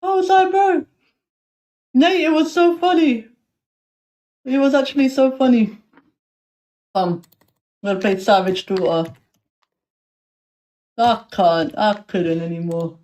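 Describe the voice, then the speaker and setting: A woman's voice: fairly high pitch, a little slow, long pauses, darkish tone. A woman hosting a livestream in casual chat, brash and foul-mouthed, often laughing. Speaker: livestream host.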